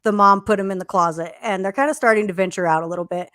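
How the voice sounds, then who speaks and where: A woman's voice: medium pitch, quick pace, no room sound, clean studio sound. A woman co-hosting a radio show, chatting loosely with lots of fillers. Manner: relaxed rambling with many fillers. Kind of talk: casual chat.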